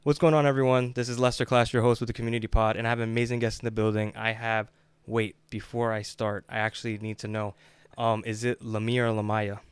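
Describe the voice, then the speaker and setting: A man's voice: mid-range voice, flat delivery, quick pace, few pauses, clear, resonant tone, no echo, faint music behind. A man hosting a podcast, asking questions in a casual, hesitant way with many fillers. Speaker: podcast host. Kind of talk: casual interview.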